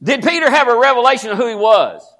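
Preacher, man, very high voice, emphatic and folksy, swings between murmurs and shouts. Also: very animated, fast. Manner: folksy, talks straight to the congregation. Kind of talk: sermon.

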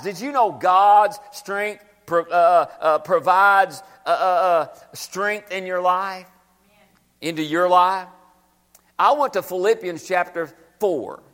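High-voiced preaching man in echoey hall. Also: fairly bright tone. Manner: preaching with call-and-response, repeating scripture lines. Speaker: pastor. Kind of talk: sermon. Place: church sanctuary.

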